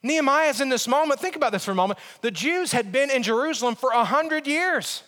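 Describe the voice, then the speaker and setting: A man preaching a sermon as pastor, earnest, with quick humorous asides. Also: very high voice, lively intonation, sharp tone. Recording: echoey church hall.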